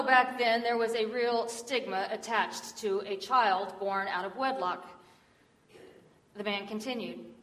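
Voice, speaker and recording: A woman's voice: a little high, fairly bright tone. Woman preaching in an echoing hall. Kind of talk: sermon. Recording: echoey hall from far off.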